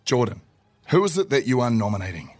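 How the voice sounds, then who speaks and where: A man co-hosting a podcast in casual banter, playful and quick to laugh. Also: mid-range voice, sing-song, faint music behind. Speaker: podcast co-host.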